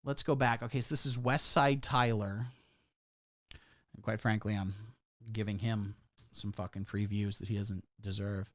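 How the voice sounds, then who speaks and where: A man's voice: lowish voice, flat delivery, moderate pace, long pauses, fairly bright tone, no echo. A man giving casual live-stream commentary, sarcastic and rambling, swearing freely. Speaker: livestreamer.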